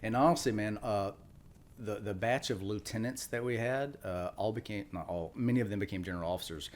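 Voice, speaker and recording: A man's voice: on the low side, brisk, a little hiss or hum. A man in his forties, a retired Marine guest on a podcast, telling stories in a rambling, casual way full of asides. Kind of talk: casual storytelling chat.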